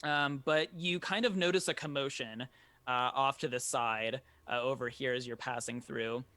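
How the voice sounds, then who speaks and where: Bright-voiced male game master, halting. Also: mid-range voice, steady tone, dry recording. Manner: halting, lots of ums and restarts. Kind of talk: narrating a tabletop game.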